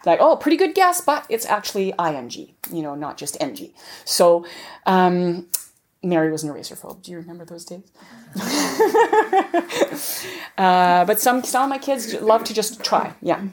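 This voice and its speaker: Lively woman running a homeschool workshop. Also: on the low side, measured pace, long pauses. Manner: lively, acts out child dialogue with sing-song rises. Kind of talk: live workshop teaching.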